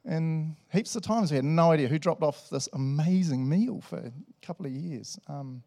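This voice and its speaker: A middle-aged man with a New Zealand accent preaching a sermon in a relaxed, conversational way, laughing often and tagging lines with "eh" and "right". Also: on the high side, moderate pace, gravelly. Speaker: pastor. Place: church hall with congregation.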